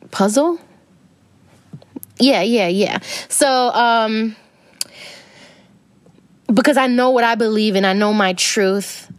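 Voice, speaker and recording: A woman's voice: mid-range voice, no echo. Give me a young woman podcast host, rambling and conversational, in a dry room. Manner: rambling, conversational, many fillers. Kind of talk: casual spiritual self-help talk.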